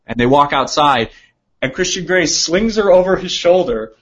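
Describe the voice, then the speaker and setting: A man's voice: fairly high pitch, lively intonation, normal speed, slightly rough, dull audio. A man co-hosting a casual comedic podcast, animatedly retelling and acting out movie scenes. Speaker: podcast co-host.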